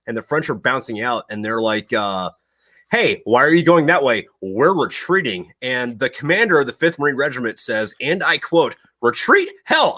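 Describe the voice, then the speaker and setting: A man hosting a casual podcast, telling military history stories in a rambling, profane way with lots of fillers. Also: mid-range voice. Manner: profane, rambling, animated storytelling with many fillers. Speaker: podcast host.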